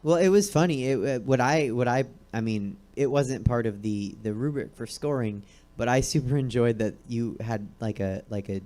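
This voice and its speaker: A man's voice: mid-range voice, moderate pace, warm tone. A man hosting a talk show, asking questions in a hesitant, searching way. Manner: hesitant, inquisitive, restarts questions. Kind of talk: casual interview chat. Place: comedy theater stage.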